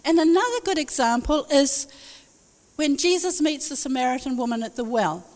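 A woman's voice: sits high, expressive, moderate pace, a little mellow. A woman preaching a sermon, telling stories in a conversational way with wry asides. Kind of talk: sermon with storytelling. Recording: long hall reverb.

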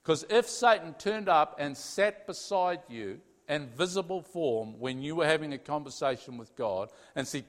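Man, preacher, lively sermon, fairly high voice, long hall reverb. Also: normal speed, hardly any pauses. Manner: animated, tags sentences with "okay?". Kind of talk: conversational sermon.

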